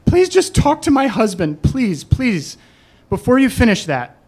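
A man's voice: extremely high pitch, big pitch swings, a little slow, darkish tone, breathy edge, voice pushed up, full character voice. A man doing a crying, pleading young mother. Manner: stammering, begging.

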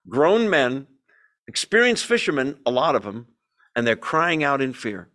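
A man's voice: mid-range voice, sing-song, measured pace, a bit bright. A man teaching a Bible study in a conversational way, asking the group questions and telling the story with energy.

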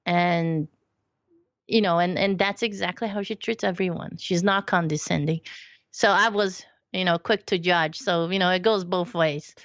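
Woman chatting on a podcast, animated storyteller, kinda lo-fi dry sound. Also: fairly low pitch, normal speed, no room sound. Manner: animated storyteller, acts out quoted voices. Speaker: podcast guest. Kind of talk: casual conversation.

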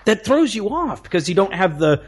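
A man's voice: sits high, big pitch swings, moderate pace, slightly rough. A man with a slight Southern US accent telling stories as a guest in a casual chat, laughing easily. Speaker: actor guest.

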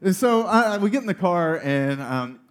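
Animated high-voiced man preaching. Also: moderate pace, clean tone. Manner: storytelling, animated, laughing through funny story. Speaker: pastor. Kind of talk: sermon.

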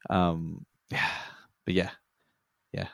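A relaxed Australian man chats about films in a very deep voice with a gravelly rasp. He swears freely and laughs easily, and the recording is dry and close. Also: drawn-out words, no echo. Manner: laid-back, swears freely, laughs often. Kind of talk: casual chat.

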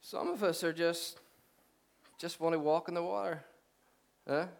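Conversational pastor, joking then earnest. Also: male voice, a little high, fairly even intonation, measured pace, vocal fry. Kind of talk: sermon.

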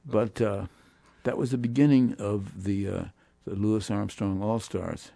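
Gravelly older man telling jazz stories. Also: on the low side, a little slow, no echo. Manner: animated anecdotes with voiced quotes. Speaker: guest musician. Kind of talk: storytelling interview.

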